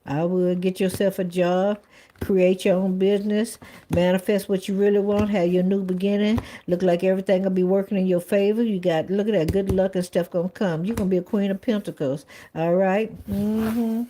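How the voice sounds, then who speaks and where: A woman's voice: mid-range voice, steady tone, fairly quick, warm tone, a little hiss or hum. A woman giving a live-stream tarot reading in a casual, blunt way, swearing freely and saying "all right" and "okay" over and over. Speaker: tarot reader.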